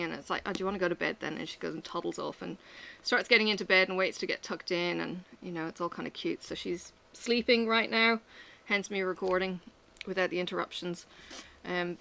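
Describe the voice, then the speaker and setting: Bright-voiced woman, candid ramble. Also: mid-range voice, vocal fry. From Australia. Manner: rambling, candid, swears freely. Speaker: vlogger. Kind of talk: casual chat while working.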